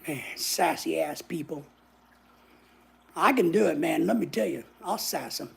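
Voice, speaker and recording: A woman's voice: sits low, animated, a little slow, vocal fry, husky. A woman, telling a story in a casual vlog, sassy and blunt, swearing freely. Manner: sassy, blunt, swears freely, acts out other people's lines. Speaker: vlogger.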